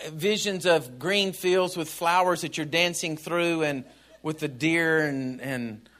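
An older man preaching a sermon, joking and swinging from soft asides to shouts. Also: sits high. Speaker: pastor.

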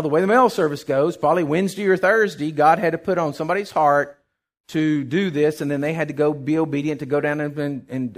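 A middle-aged pastor preaching a sermon, telling a personal story with acted-out quotes and sudden shouts. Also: male voice, on the high side.

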